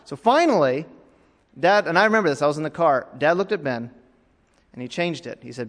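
Dramatic preacher, swinging hushed to raised. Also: male voice, on the high side, expressive, brisk, big-room sound. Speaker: pastor. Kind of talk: sermon.

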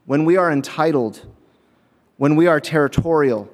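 A man's voice: fairly high pitch, normal speed. A man preaching a sermon, telling a story and acting out the voices of people in it. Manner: storytelling, acts out voices in quotes. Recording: long hall reverb.

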